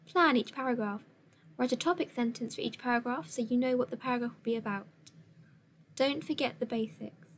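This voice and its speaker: A woman teaching a recorded lesson, her voice sitting a little high. She gives instructions in a clear, measured way. A faint hiss lies under the recording.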